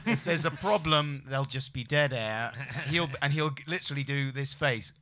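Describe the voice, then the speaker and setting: English man, bright tone, casual anecdote teller. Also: a little high, moderate pace. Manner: self-mocking storytelling, slips into loud shouted voices. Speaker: comedian and podcast guest. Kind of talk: casual chat.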